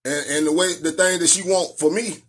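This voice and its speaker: A man's voice: a little high, steady tone, fairly quick. A middle-aged man, ranting in a preachy and profane live-stream monologue that breaks into sing-song.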